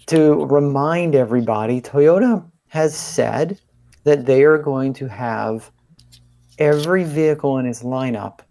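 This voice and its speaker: A man co-hosting a podcast, presenting a news story in relaxed, casual chat with fillers. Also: mid-range voice, a little slow. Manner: relaxed, easygoing, many fillers. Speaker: podcast co-host.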